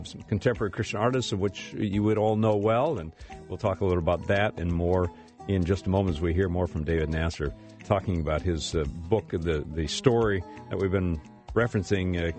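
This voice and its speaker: A male radio host with a very deep voice introduces his guest and leads into a break. His delivery is measured and announcer-like. Soft music plays quietly beneath him. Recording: music bed underneath.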